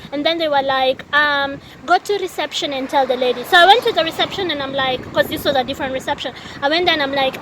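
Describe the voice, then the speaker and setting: A woman from Kenya telling a story in a casual vlog, chatty and animated, laughing often, recorded outdoors by a busy road near the sea. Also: sits high, fast. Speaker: vlogger. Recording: noisy outdoor street ambience.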